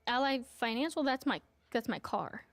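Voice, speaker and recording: A woman guest answering questions about her money in a halting, defensive way. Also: on the high side, expressive. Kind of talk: defensive conversation.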